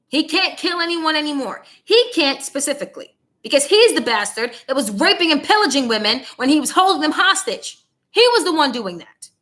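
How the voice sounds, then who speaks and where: A young woman hosts her own commentary show, delivering an angry political monologue that is heated and blunt. She repeats herself for emphasis, her voice high and a bit bright.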